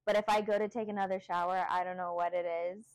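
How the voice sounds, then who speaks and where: A woman's voice: fairly low pitch, little pitch movement, fast talker, clear, resonant tone, no echo. A woman co-hosting a casual podcast, talking loosely with many "like" fillers and agreeing often. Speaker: podcast co-host. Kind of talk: casual chat.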